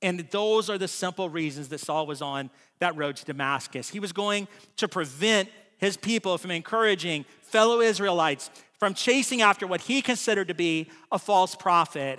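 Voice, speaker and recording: High, bright-voiced man preaching in a hall. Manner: conversational preaching with frequent "right?" asides. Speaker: pastor. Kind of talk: sermon. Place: church hall.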